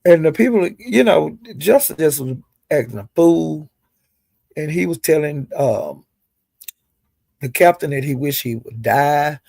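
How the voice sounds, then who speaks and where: Woman live-streaming, profane heated rant, husky gravelly voice, dry close sound. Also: low-pitched, lively intonation, mellow, no room sound. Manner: cursing, heated, drawn-out insults. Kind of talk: angry profane rant to viewers.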